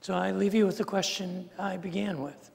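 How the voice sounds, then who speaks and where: Older male pastor, conversational storyteller, higher voice, long hall reverb. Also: fairly even intonation, normal speed, vocal fry. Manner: conversational, self-deprecating, frequent restarts. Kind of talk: storytelling sermon. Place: large church sanctuary.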